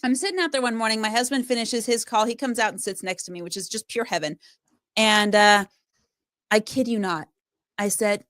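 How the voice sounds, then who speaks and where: Brief: female speaking coach, slightly high voice, punchy and animated, dry close recording. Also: a little fast, no room sound. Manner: emphatic, animated storytelling. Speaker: public speaker and trainer. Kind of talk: conversational podcast interview.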